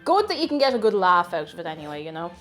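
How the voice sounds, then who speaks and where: A woman's voice: lowish voice, big pitch swings, very fast, faint music behind. A young woman with a Tipperary Irish accent, chatting casually with her livestream chat while she cooks, giggling and greeting viewers. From Tipperary, Ireland. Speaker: cooking streamer.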